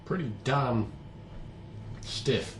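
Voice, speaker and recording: A man's voice: medium pitch, extremely slow, roomy sound, noisy background. A man chatting casually while he bakes, with playful, self-mocking asides. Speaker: home baker vlogger. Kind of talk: casual cooking vlog. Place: home kitchen.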